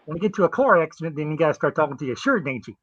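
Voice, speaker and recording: A Southern US man rambling in a casual chat and repeating his words. His voice sits a bit high. The audio is dry and muffled. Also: expressive, very fast, fairly bright tone, no echo.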